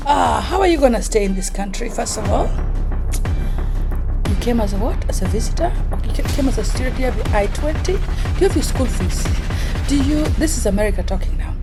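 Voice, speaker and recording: A woman's voice: on the high side, expressive, brisk, creaky, over music. A middle-aged woman from Kenya with a Kenyan accent, telling stories in a casual vlog, laughing often and acting out the voices she quotes. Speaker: vlogger. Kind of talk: casual storytelling monologue.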